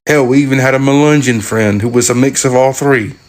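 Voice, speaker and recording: A man's voice: mid-range voice, brisk. A man from Appalachia, scolding someone in an indignant reaction video recorded at home.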